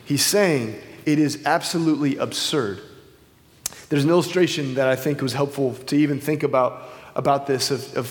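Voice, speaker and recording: A man giving an informal sermon in a casual, conversational way with many fillers and restarts, speaking into a wireless microphone. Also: mid-range voice. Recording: long hall reverb.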